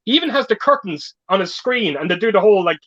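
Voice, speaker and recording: Bright-voiced man on dull audio. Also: high voice, animated, quick pace. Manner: rambling storyteller, repeats words. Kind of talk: casual livestream chat.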